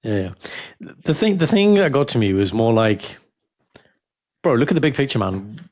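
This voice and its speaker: A man's voice: mid-range voice, big pitch swings, normal speed, a little mellow, no echo. A man co-hosting a podcast, chatting casually and playfully teaching words with jokes. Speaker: podcast co-host. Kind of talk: casual chat.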